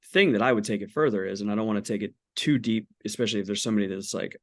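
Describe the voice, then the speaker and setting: A man's voice: lowish voice, very fast, few pauses. Blunt, earnest man in his forties. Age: 40s. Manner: earnest, blunt, swears casually. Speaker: podcast guest. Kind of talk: candid faith talk.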